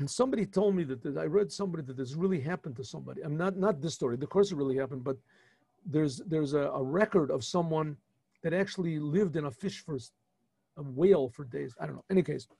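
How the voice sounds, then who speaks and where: A man, a rabbi, retelling a scripture story to his class in an animated way, often restarting and adding asides. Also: a little high, quick pace, vocal fry, breathy edge, no room sound. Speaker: rabbi teaching a yeshiva class. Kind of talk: informal storytelling lesson.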